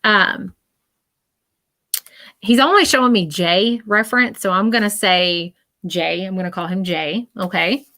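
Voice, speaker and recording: A woman's voice: medium pitch, measured pace, pauses often, pushed and bright. Rambling woman giving a live psychic reading. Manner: rambling, filled with "um" and "you know"; speaks to viewers directly and reassuringly. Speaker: psychic medium.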